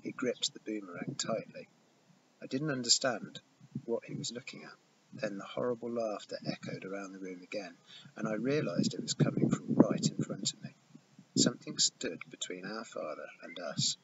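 A man reading a first-person novel aloud in a steady storytelling manner. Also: fairly low pitch, moderate pace. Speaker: audiobook reader. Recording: dull lo-fi with hiss.

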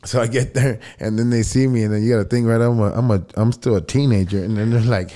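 A man's voice: mid-range voice, fairly even intonation, fast, warm tone. A man, a podcast guest telling a long story in casual, profane, laughing talk. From El Paso, Texas. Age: 40s.

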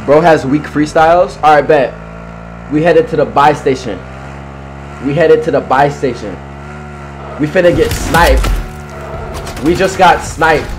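A young man streaming a video game talks to his viewers in a loose, teasing way, full of slang and trash talk. He keeps repeating the same short phrases. His voice sits fairly high for a man, with a faint hiss behind it. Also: measured pace, long pauses. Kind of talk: casual live-stream chat.

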